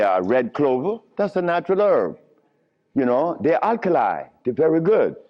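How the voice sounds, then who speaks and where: A middle-aged man lecturing to a live audience, telling stories in an animated way and often chuckling. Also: mid-range voice. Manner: animated storytelling with frequent chuckles. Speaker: lecturer on herbal healing. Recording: lo-fi archival lecture recording.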